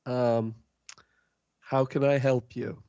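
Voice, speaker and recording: A man's voice: medium pitch, level tone, takes it slowly, mellow, clear, resonant tone, dry recording. A man voicing a tall, toothy fish-man shopkeeper with dry, polite manners. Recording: dull lo-fi stream audio.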